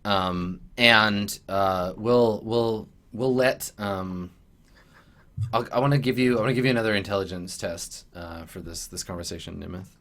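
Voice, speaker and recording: A man's voice: fairly low pitch, steady tone, moderate pace, fairly bright tone. A man narrating as game master of a tabletop game, rambling with many fillers. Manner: rambling, full of fillers and laughs.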